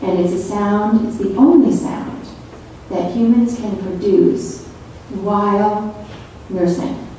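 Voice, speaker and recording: A woman giving an author's talk in a college lecture room, reading from her book and speaking slowly and deliberately, drawing out syllables. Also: mid-range voice, mellow, a little hiss or hum. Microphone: distant from the recording mic. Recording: echoey hall recorded from far off.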